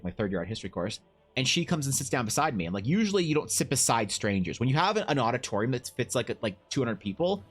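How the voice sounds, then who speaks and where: Young male streamer, mid-pitched, loose rambling chat at his desk mic, faint music playing under him. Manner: rambling, animated storytelling with many restarts. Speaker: Twitch streamer and artist. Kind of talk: casual live-stream chat while painting.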